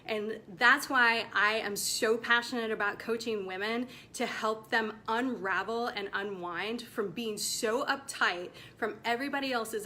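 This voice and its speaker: Woman, 40s, motivational coach, bright forceful tone, slightly high, faint rumble under it. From United States. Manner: emphatic, passionate, preachy. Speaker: women's coach. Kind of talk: direct-to-camera motivational talk.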